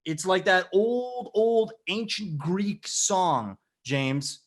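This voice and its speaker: Speaking very slowly in a high-pitched, lively and heavily acted voice, a man improvises a comedy character: a brash, lovesick cruise-ship captain who runs the casino. He keeps calling people brother, boasts, then slips into mopey sulking.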